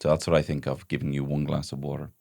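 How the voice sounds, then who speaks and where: Very deep-voiced Irish man. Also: little pitch movement, fast talker, gravelly, a little mellow, dry recording, clean studio sound, soft background music. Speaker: podcast co-host. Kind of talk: casual comedic chat.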